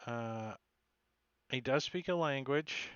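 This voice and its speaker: Laid-back game master on dull, dry stream audio. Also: male voice, mid-range voice, slow pace, a bit bright, smooth, no room sound. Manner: casual, rambling descriptions that often break into laughter. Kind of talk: narrating a tabletop game. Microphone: home computer mic for an online session.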